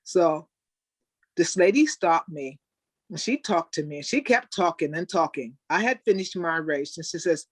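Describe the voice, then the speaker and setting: An older woman, a Special Olympics athlete, telling animated stories in a webinar interview over a video call. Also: sits low, normal speed, no echo. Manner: animated storyteller, acts out quoted people. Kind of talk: storytelling in an interview.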